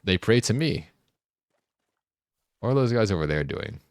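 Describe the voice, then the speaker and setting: A man streaming a game, chatting casually, joking and laughing often, and getting excited as he rambles. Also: lowish voice, moderate pace, creaky, no room sound, studio quality. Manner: gets excited and rambling when riffing. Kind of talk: casual live-stream chat while gaming.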